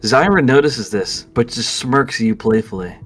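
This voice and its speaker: A man's voice: mid-range voice, moderate pace, slightly rough. Man running a tabletop game. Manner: steady descriptive narration. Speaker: game master.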